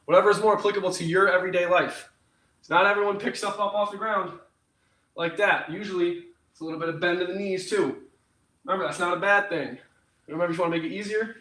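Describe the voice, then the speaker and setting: A young man's voice sits high, sounding pushed and bright, as he leads a live workout from home with slight noise behind him. He's a jokey, energetic fitness instructor counting down each set of reps, heard from a distance in an echoing space.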